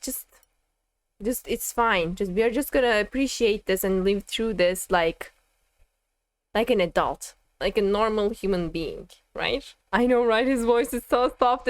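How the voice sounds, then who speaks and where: A woman's voice: medium pitch, no room sound. A young woman streaming a game and reacting, giggling, flustered and gushing in casual commentary.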